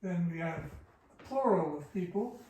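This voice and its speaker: A man with a fairly high voice walks slowly through the meter of a poem, breaking words into long and short beats. He sits some way from the mic, and his voice rings around a very echoey room. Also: lively intonation, darkish tone, far from the mic. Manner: slow, careful scansion, sounding out syllables. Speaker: teacher of classical Persian poetry. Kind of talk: explaining poetic meter.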